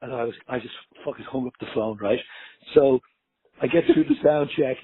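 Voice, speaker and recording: Husky man on a tinny line. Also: mid-range voice, normal speed, no echo. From Ireland. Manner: animated, profane, acts out dialogue. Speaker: guest musician. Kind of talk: casual storytelling.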